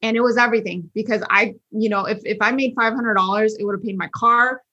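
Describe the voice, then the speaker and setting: A middle-aged woman telling how she started in business, speaking clearly and directly in a casual interview. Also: a little high, steady tone, fast, bright, forceful tone. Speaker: guest, network marketer. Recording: dull, muffled sound.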